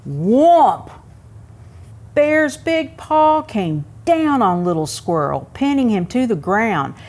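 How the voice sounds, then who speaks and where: Slow, expressive woman reading to kids. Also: fairly high pitch. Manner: asks young listeners questions, expressive. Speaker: museum story time reader. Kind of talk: reading a picture book aloud to children.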